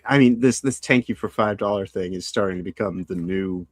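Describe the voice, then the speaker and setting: A man's voice: sits low, fairly quick, dry recording, clean studio sound. A man co-hosting a casual livestream, talking hesitantly with many fillers. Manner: hesitant, lots of filler words. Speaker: livestream co-host.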